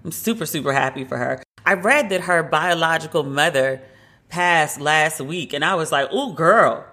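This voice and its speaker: A woman's voice: deep voice, normal speed, bright, forceful tone. A woman hosting a casual solo podcast from her home loft, chatty and gushing, with a lot of filler "like". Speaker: podcast host.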